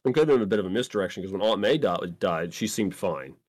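A man with a lowish voice joins a casual movie conversation, mostly adding quick remarks and agreement. The sound is dry and close to the mic. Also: animated, darkish tone, no echo. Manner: brief agreeing interjections. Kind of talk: casual chat.

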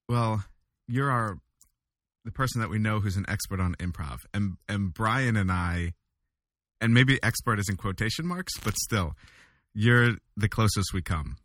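Relaxed male podcast co-host, dry sound. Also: fairly low pitch, a little slow, no echo. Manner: relaxed, laughs often, hesitant with ums. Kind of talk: casual chat.

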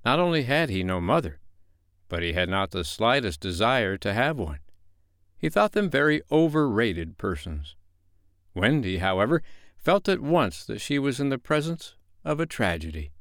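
A man narrating a classic children's novel as a bedtime story, reading in an expressive, measured way. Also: mid-range voice, no room sound, studio quality.

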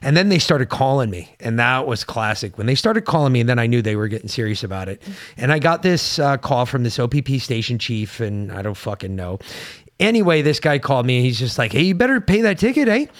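A man's voice: medium pitch, lively intonation, fairly quick. A man from the United States co-hosting a podcast, telling a story in a brash, profane, casual way and mimicking others' voices. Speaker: podcast co-host.

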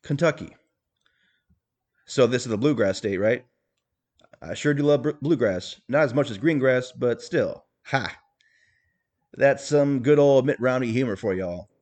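A stiff, boastful rich politician, as a man puts him on for a comedy impression. He brags in a folksy way and tells clumsy jokes. His voice sits at a middling pitch for a man. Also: a little mellow. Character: awkward, boastful rich male politician on a state-by-state tour.

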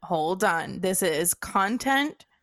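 A woman's voice: lowish voice, animated, slow, fairly bright tone, no echo, studio quality. A young woman co-hosting a podcast, talking in an emotional, emphatic, rambling way. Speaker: podcast co-host. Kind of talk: casual chat.

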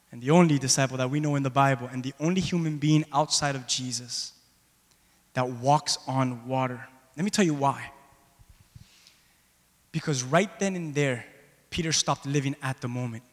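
Impassioned male preacher, high forceful voice, recorded in a church hall with long reverb. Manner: impassioned, shouting at peaks, addresses the congregation. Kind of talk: sermon.

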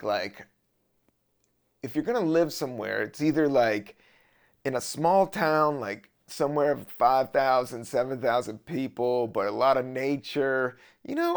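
A man from Southern Virginia hosting a podcast, rambling casually in a laid-back, profane monologue. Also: mid-range voice. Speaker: podcast host.

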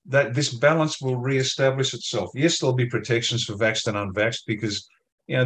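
An Australian man in an interview, blunt and emphatic, telling pub-style stories in colloquial language. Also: mid-range voice. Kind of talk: interview discussion.

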